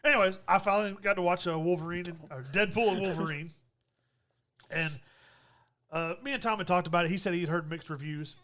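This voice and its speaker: A man's voice: on the high side, bright, forceful tone. A man co-hosting a podcast in casual chat, laid-back and teasing, laughing often. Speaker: podcast co-host.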